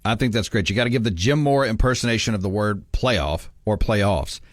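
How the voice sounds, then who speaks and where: A man's voice: on the low side, brisk, no room sound. A man hosting a sports talk radio show in an easygoing, conversational way from the studio. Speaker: radio host. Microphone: studio mic.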